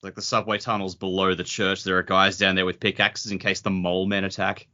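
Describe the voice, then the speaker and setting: A man's voice: deep voice, level tone, fairly quick, sharp tone, highs cut off. A man co-hosting a casual book podcast, joking and riffing on absurd scenarios. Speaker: podcast co-host.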